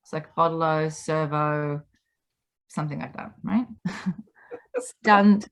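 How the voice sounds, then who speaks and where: A woman's voice: low voice, slow pace. A woman in her thirties with an Australian accent, a podcast guest chatting casually and acting out the people in her stories. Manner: animated storyteller, acts out quotes. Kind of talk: casual chat.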